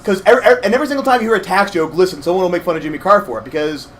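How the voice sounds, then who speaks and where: A young man co-hosting a game playthrough, rambling through animated stories with lots of fillers. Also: sits high, racing, a little hiss or hum. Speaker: let's play co-host. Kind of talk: casual gaming chat.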